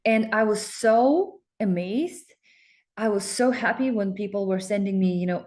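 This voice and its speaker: Excited rambling woman coach. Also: medium pitch, measured pace. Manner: excited, rambling, with many fillers and restarts. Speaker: coach promoting a focus group. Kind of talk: casual self-promotional talk with screen share.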